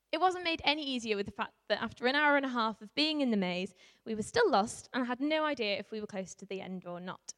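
A woman from Yorkshire without a strong accent, telling a story to a live audience as a youth worker, animated, with laughs and many ums. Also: high-pitched. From Yorkshire, England. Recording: reverberant hall.

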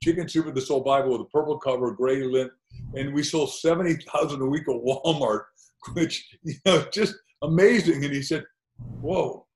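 A man as an interview guest, telling animated anecdotes that build to punchlines. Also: on the high side, fairly quick. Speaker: guest author. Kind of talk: storytelling interview talk. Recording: roomy echo.

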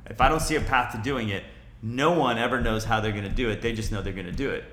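A man's voice: medium pitch, quick pace, a bit bright. A man speaks in a blunt, profane, fired-up way, pushing listeners to act. His voice sits in the middle range. It carries a roomy echo around it. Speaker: podcast guest, entrepreneur. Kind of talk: motivational casual chat.

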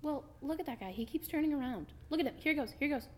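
A man voicing a fussy, gossipy woman at a concert, complaining in a hushed voice. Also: very high voice, lively intonation, rapid-fire, pitched above the performer's own voice. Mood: annoyed hush. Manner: complaining, tattling in hushed tones.

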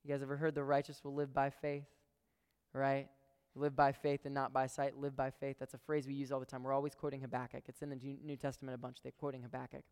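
A man's voice: medium pitch, monotone, fast talker, a little mellow, clear, resonant tone. A young man preaching a sermon, telling a story and talking earnestly to the crowd. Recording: long hall reverb.

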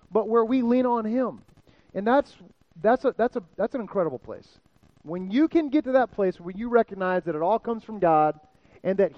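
A man's voice: sits high, no room sound, muffled recording. A man preaching a sermon and calling out to his congregation for responses. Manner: energetic, calls out to the congregation. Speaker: pastor.

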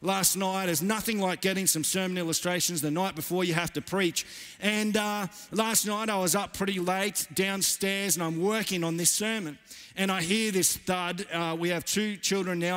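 A man's voice: high-pitched, a bit bright, smooth. A man in his thirties preaching a sermon as pastor, earnest and emphatic, repeating key phrases. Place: church. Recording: church hall reverb.

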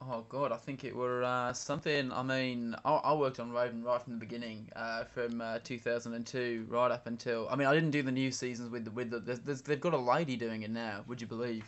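An actor playing a blunt, gossipy former kids' TV set worker, rambling on an improvised comedy phone call. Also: male voice, mid-range voice, steady tone, lightly acted. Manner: rambling, halting, frank. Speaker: phone-in guest.

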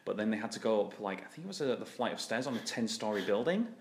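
Low-voiced man rambling on a podcast. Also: sing-song, quick pace, a little hiss or hum. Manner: rambling, swears a lot, laughs often. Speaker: podcast host. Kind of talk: casual chat.

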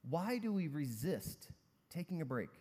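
Casual male pastor, fairly high voice, long reverb from a large hall. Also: big pitch swings, measured pace, warm tone. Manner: conversational storytelling with many fillers. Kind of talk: sermon.

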